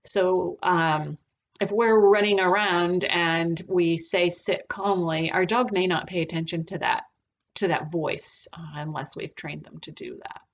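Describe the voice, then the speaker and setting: A woman teaching a recorded lesson on dog behavior, talking in a relaxed, chatty way with frequent ums. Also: fairly low pitch, unhurried, vocal fry, lo-fi sound. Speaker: dog trainer.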